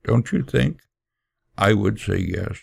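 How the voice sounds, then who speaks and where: A man's voice: fairly low pitch, takes it slowly, creaky, darkish tone, breathy edge, pitched above the performer's own voice, full character voice. A man voicing a poor, orphaned little girl who pleads earnestly through tears. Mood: pleading.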